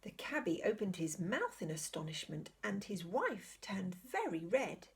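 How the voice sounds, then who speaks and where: A woman reading a children's novel aloud in a gentle, measured storytelling manner. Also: mid-range voice, very animated, gravelly, husky. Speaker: storybook reader.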